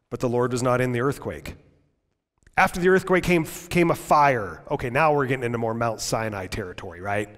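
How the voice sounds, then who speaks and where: Pastor preaching in an echoing church. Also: male voice, mid-range voice. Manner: dramatic, swings from loud to hushed. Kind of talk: sermon. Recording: long church reverb.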